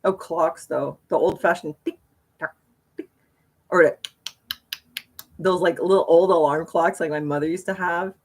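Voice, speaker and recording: A woman's voice: fairly low pitch, fairly even intonation, unhurried, pauses often, a little hiss or hum. A woman hosting a casual livestream, chatting in a rambling way with frequent laughs. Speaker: livestream host.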